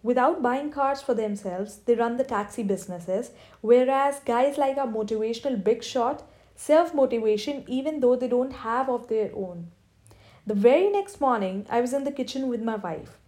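Woman, audiobook narrator, wry humor, fairly high voice. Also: animated, normal speed, dark tone. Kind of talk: first-person audiobook narration.

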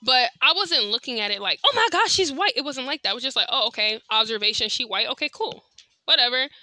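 A woman hosts a casual podcast and tells the story to her listeners in a blunt, animated way, full of slang. Her voice sits a little high and sounds very bright. The recording is dry and close, with no room sound. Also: fast talker, no room sound. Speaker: podcast host.

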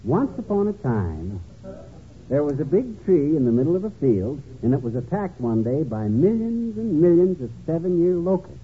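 A blustering braggart husband. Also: male voice, a little high, very animated, moderate pace, slight background noise. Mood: bragging. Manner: blustering, tongue-twisting wordplay. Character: boastful tall-tale-telling middle-aged husband. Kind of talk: 1940s radio comedy acting. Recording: tinny old radio broadcast.

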